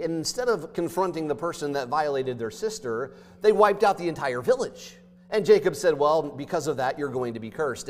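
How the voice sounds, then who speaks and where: A male pastor with a fairly high voice delivers an emphatic sermon, swinging from forceful stresses to quiet asides. His voice rings through a church hall with a long reverb tail. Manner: emphatic preaching, swinging between loud and hushed.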